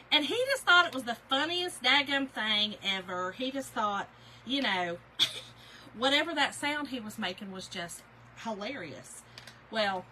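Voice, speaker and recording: A woman's voice: high voice, bright, forceful tone, a little hiss or hum, rough recording. A middle-aged woman, chatting casually on a craft live stream, telling stories, laughing often and greeting viewers by name.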